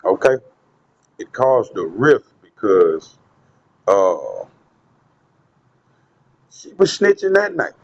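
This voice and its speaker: A man's voice: on the low side, wildly swooping pitch, slow, long pauses. A man giving a profane, conspiratorial monologue to his viewers, recorded on a handheld phone in a public spot. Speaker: vlogger. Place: public spot, moved somewhere quieter. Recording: dull lo-fi phone audio with faint noise.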